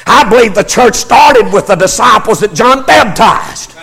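An older man preaching a sermon as pastor, fervent, swelling into shouts and stammering restarts. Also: high voice, lively intonation, unhurried, creaky, long reverb tail.

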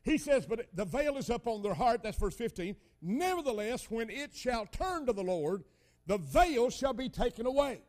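Older male preacher, high voice, folksy and emphatic storyteller. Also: sing-song, normal speed, a little mellow. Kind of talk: sermon.

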